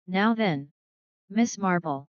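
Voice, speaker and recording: A woman voicing a playful, formal older gentleman in a dry, dull recording. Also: fairly low pitch, expressive, takes it slowly, no room sound. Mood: teasing. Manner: playful, formal, mock-solemn. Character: genteel older English gentleman, twinkling and teasing.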